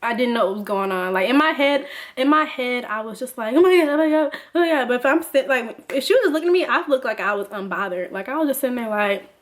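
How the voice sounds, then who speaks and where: A young woman vlogger telling a casual story, animated and laughing, full of "like". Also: fairly high pitch, fast. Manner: animated, laughing, lots of filler "like".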